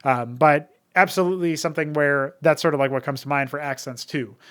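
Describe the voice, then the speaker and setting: A man's voice: fairly high pitch, steady tone, fairly quick, fairly bright tone. An American man hosting a casual solo talk show, rambling with many fillers and restarts. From United States. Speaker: podcast host and modder.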